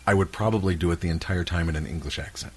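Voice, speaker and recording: A man's voice: deep voice, rapid-fire, a little mellow, slightly rough. A man hosting a podcast, joking and narrating comic bits in casual chat. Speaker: podcast host.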